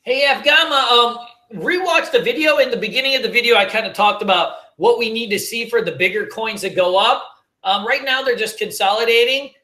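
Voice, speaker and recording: A man's voice: very high-pitched, a little fast, pushed and bright, reverberant. A man hosting a casual trading livestream, joking, slangy and swearing as he answers viewers. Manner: laid-back, joking, slangy, swears and laughs often.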